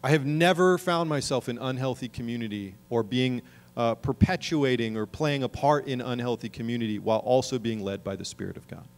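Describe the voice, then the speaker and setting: A middle-aged man preaches from the pulpit in an earnest, steady voice at an ordinary pitch. He builds to emphatic, urging calls and then settles back into plain explanation. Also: a little fast. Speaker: pastor. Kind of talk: sermon.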